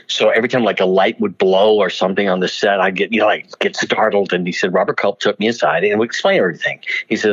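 An older man, a guest actor in an interview, telling animated anecdotes, laughing often and slipping into voices for the people in his stories. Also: fairly low pitch, fast, vocal fry, few pauses, breathy edge. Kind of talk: storytelling interview. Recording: dull lo-fi audio.

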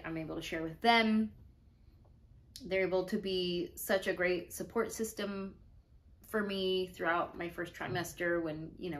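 A pregnant woman telling her own story in a casual vlog, lively, acting out the things people said. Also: on the low side. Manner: animated, acts out her own and others' quoted lines.

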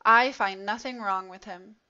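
An uneasy, wavering governor presses his point slowly and insistently, read by a woman. The voice is bright and a little high. The recording is dull and lo-fi. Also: steady tone, clean tone.

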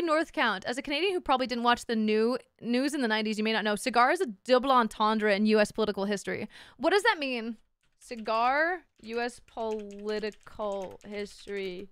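A bubbly woman live-streamer with a high, smooth voice, chatting close to the mic in a dry, dead room. She jumps between thanking viewers and crude, teasing banter, and she laughs easily. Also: fairly bright tone, no room sound. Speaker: VTuber streamer. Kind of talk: casual live-stream chat.

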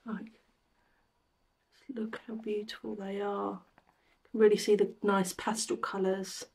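A woman in her forties chatting casually at home as she reviews gifted trainers, friendly and relaxed, sometimes whispering or talking fondly to her pet. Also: mid-range voice, measured pace, creaky, husky. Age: 40s. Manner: chatty and warm, fond baby-talk to her pet, drops to a whisper at times. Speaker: lifestyle vlogger. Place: at home, indoors.

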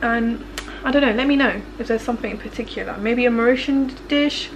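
Young woman, cooking vlogger, chatty and bubbly, slightly high voice, phone-filmed in a noisy kitchen. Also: a little fast. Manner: bubbly, chatty, rambling asides. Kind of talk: casual cooking vlog chat. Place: home kitchen. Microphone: handheld phone camera. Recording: noisy home kitchen recording.

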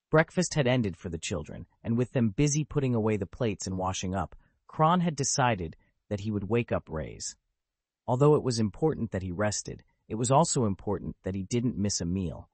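Expressive male storyteller for a fantasy audiobook, dry and close, animated delivery. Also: on the low side, moderate pace, husky, dry recording. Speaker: audiobook narrator. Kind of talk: scripted narration.

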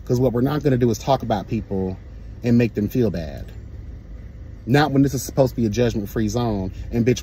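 A man telling a story in a sassy, profane, animated storytime rant. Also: medium pitch, a little hiss or hum. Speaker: vlogger.

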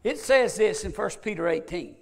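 An older man with a Southern American accent, preaching a sermon as pastor, with sudden loud rises and long pauses. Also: high voice, expressive, creaky.

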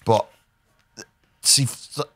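A man's voice: extremely slow, fairly bright tone. A man with a Wirral accent hosting a podcast, chatting casually, swearing and laughing often. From Wirral, England. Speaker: podcast host. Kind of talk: casual chat.

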